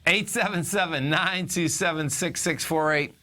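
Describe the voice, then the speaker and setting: A man's voice: a little high, moderate pace, sharp tone. A male talk radio host giving casual, rambling stock market commentary.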